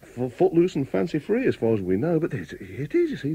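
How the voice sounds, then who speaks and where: A man chatting on the radio as the weekly guest, animated and teasing as he tells stories. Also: on the high side, fairly quick, hardly any pauses, breathy edge, dry recording, muffled recording. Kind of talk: comic radio chat. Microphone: studio microphone.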